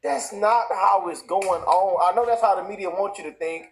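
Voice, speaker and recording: Heated, higher-pitched man ranting. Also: moderate pace, low-quality recording. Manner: heated, repetitive, many restarts. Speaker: show host. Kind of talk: impassioned commentary.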